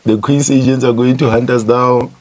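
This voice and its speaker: A man, co-hosting a podcast, teasing and animated in casual chat. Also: mid-range voice, normal speed. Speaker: podcast co-host.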